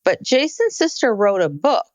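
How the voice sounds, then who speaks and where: Speaking a little high at normal speed with no echo, a woman co-hosting a podcast talks casually over a true crime documentary. Her commentary is animated and reflective, with many restarts.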